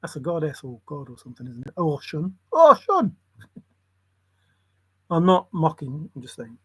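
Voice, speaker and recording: A man's voice: a little high, unhurried, husky, no echo. A man rambling in a solo monologue, muttering to himself and breaking into sudden exclamations. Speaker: channel host.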